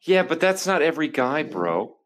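Animated young man saying dude a lot. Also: a little high, moderate pace. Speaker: podcast co-host. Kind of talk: casual comedic chat.

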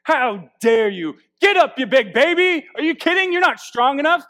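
A man playing a harsh parent who yells in contempt at a toddler who has fallen. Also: very high voice, animated, moderate pace, voice pushed up, heavily acted. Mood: scornful yelling. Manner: shouting, contemptuous, mocking.

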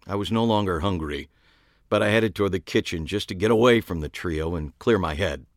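A man's voice: low voice, brisk, no room sound. A man narrating a story in the first person, dry and wry in tone. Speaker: audiobook narrator.

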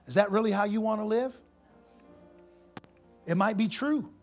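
A man preaching a sermon to a congregation, animated and full of rhetorical questions, in casual everyday speech. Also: sits high, moderate pace, soft background music. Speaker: pastor.

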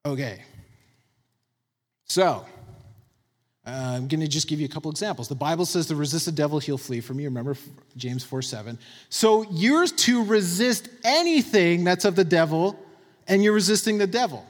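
A man's voice: on the high side, lively intonation, moderate pace, long pauses. A man preaching a sermon in a conversational, emphatic way, often checking with the listeners. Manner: emphatic, conversational, tags points with "right?". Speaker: pastor. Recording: long reverb of a hall.

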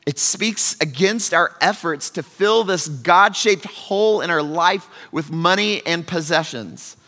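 A man preaching a sermon as pastor, conversational and earnest, swinging from loud emphasis to quiet asides. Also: sits high, unhurried. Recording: long hall reverb.

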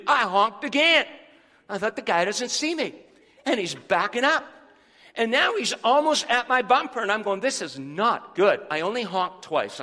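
Male pastor, high and bright, animated sermon delivery in a reverberant church. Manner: animated storytelling, scripture reading, rhetorical questions to the congregation. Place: church sanctuary.

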